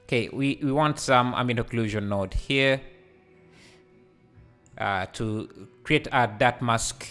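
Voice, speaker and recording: Slow-talking man hosting a live tutorial. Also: medium pitch, a bit bright, clear, resonant tone, faint music behind. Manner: hesitant, many fillers and restarts; laughs easily while reading chat. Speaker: livestreaming 3D tutor. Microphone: headset.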